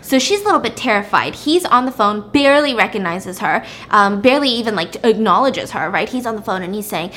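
A woman casually recapping a drama's plot in an animated, chatty way, peppering it with fillers. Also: medium pitch, brisk, few pauses, a little hiss or hum.

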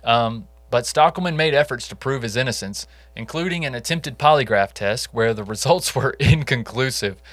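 A man's voice: medium pitch, moderate pace, hardly any pauses, fairly bright tone, no room sound. A man co-hosting a casual true crime podcast, telling the case in a conversational way with jokey asides. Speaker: podcast co-host.

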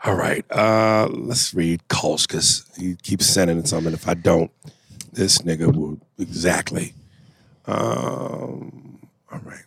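A man's voice: deep voice, takes it slowly, creaky, husky, no room sound. A man hosting a podcast, casually chatting and reading listener emails aloud with loose, profane asides. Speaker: podcast host.

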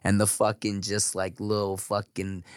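A man co-hosting a podcast in casual, profane chat, his throat a little rough from a cold. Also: lowish voice, completely flat delivery, moderate pace, no room sound, clean studio sound. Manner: swearing, storytelling, playful. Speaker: podcast co-host.

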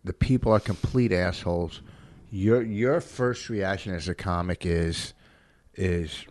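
Man, casual host, blunt, swears, low voice, dry close mic. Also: unhurried, a little mellow, no room sound. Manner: blunt, swears, speaks from a comic's view. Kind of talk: casual chat.

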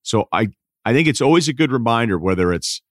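A man's voice: mid-range voice, lively intonation, dry recording, studio quality. Argumentative male sports podcast host. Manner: argumentative, rattling off stats in quick bursts. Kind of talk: opinionated sports talk monologue.

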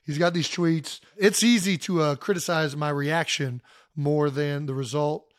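Man, fairly high voice, joking, animated, casual podcast chat. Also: a little slow, dry recording, clean studio sound. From Ohio, US. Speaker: podcast co-host.

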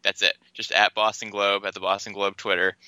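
Bright-voiced man, close and dry. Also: lowish voice, little pitch movement, brisk, smooth, no room sound, low-quality recording. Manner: teasing, matter-of-fact opinions. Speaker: podcast co-host. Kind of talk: casual sports chat.

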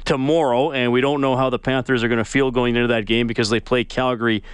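A man's voice: medium pitch, little pitch movement, fast talker, smooth, no echo. A man hosting a sports radio show, asking easygoing questions of his guest in the studio. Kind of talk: radio interview. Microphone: studio mic.

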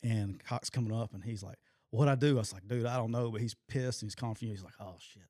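A fast talker with a voice on the low side, recorded dry and clean in a studio. The middle-aged former football coach tells animated stories in casual sports talk, laughing often and quoting people in raised voices.

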